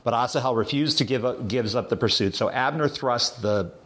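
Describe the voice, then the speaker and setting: A man's voice: mid-range voice, a little fast. A man leading a conversational Bible study, retelling a story with lots of fillers and restarts. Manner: animated retelling with hesitant fillers. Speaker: Bible teacher.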